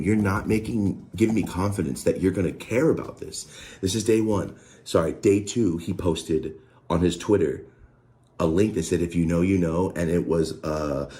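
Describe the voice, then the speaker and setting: A man telling a heated story about a falling out, profane and animated, often mimicking the other person. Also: low-pitched. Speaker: online creator recounting a dispute. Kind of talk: heated podcast rant.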